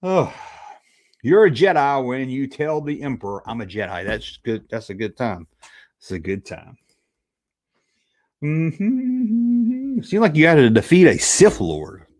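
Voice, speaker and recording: A man's voice: medium pitch, moderate pace. Guy chatting on his stream, kinda sleepy, voice jumps all over. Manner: chatty, joking, animated retellings. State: sleepy, yawning. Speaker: YouTube host reading live chat. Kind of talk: casual livestream chat.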